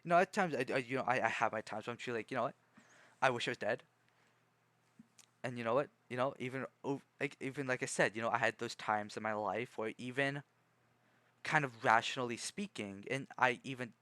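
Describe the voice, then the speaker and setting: A young man with a bright, forceful voice talks on a livestream in a loose, rambling way, restarting his sentences often. He keeps a calm, measured tone. The sound is dry and close, with no room around it. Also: mid-range voice, dry recording. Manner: rambling, hesitant, many restarts and fillers. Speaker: streamer. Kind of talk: casual livestream chat.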